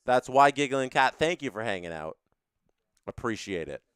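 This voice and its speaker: A man's voice: mid-range voice, animated, normal speed, a bit bright, smooth, no echo, studio quality. A man hosting a live stream, reading viewer chats and ranting opinionatedly, often repeating his phrases.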